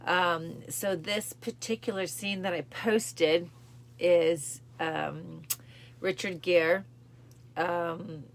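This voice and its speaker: A woman's voice: steady tone, very slow. A woman hosting a cancer support show, chatting casually and emotionally to her viewers, repeating phrases and acting out scenes. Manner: emotional, repeats phrases, acts out film lines with rising pitch. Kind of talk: casual talk to camera.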